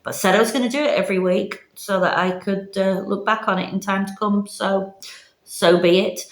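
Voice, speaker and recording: A woman's voice: mid-range voice, steady tone, brisk. A woman, chatting casually and rambling a little, filler words dotted through as she vlogs. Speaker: vlogger. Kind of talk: casual vlog chat.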